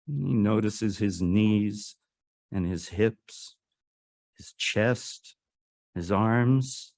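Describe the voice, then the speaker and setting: A man delivers a storytelling sermon to a congregation in a fairly low voice. He speaks earnestly, climbing to dramatic rises and then falling to hushed drops. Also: very slow. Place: worship service hall.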